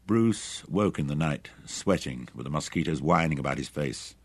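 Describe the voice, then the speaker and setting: A man narrating an adventure audiobook in a measured, steady reading. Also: a bass voice, slightly rough, dry recording. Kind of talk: scripted narration.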